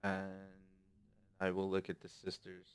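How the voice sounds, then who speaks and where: A man talking as a player in a tabletop game, halting and repeating words. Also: sits low, completely flat delivery, smooth. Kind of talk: casual tabletop play.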